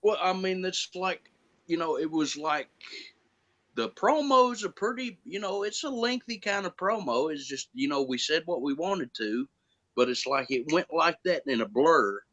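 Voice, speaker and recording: A man's voice: on the high side, normal speed, muffled recording. A man telling stories in casual chat as a guest, acting out quoted exchanges. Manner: animated storytelling, acts out quoted exchanges. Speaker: guest actor.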